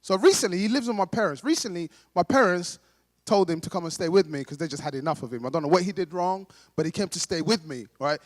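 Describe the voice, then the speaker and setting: A young male comedian with a London accent performs stand-up at a gala dinner, talking casually to the crowd. His voice sits high for a man. The sound rings with the long echo of a big hall. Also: animated, quick pace. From Britain. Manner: chatty, addresses the crowd directly, acts out quoted voices. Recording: live hall with long reverb.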